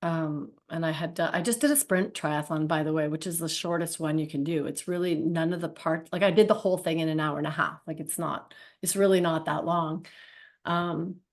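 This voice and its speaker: A woman's voice: low-pitched, brisk. A woman in her thirties, a podcast guest, telling a story in a chatty, rambling way with many likes and ums. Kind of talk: casual storytelling.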